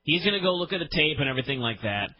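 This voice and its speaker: A man's voice: on the high side, sing-song, lo-fi sound. A man hosting a podcast, ranting in an exasperated, profane way about a show he hates. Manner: exasperated, profane, fast-shifting rant. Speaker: podcast host. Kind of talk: ranting wrestling podcast chat.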